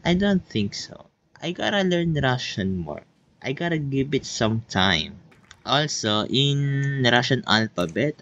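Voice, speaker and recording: A man who speaks English as a second language, giving excitable casual gameplay commentary full of oohs and counting aloud. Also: mid-range voice, lo-fi sound. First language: not English. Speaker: gameplay video creator.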